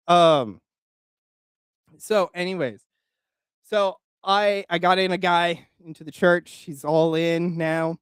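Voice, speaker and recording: Guy with a high voice rambling to his stream, jokey, laughs a lot, dry close sound. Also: fairly even intonation, slow pace, a bit bright, clean tone, dry recording. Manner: rambling, joking, laughs often. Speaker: channel host. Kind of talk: casual chat with live chat.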